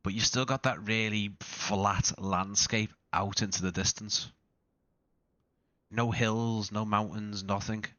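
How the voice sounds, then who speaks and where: A man's voice: on the low side, steady tone, slow pace, fairly bright tone, no room sound, muffled recording. A man streaming a flight simulator and chatting casually as he tours airports, rambling and correcting himself as he goes. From not Australian. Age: adult father. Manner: rambling, self-correcting, with frequent restarts and fillers. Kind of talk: casual live-stream commentary.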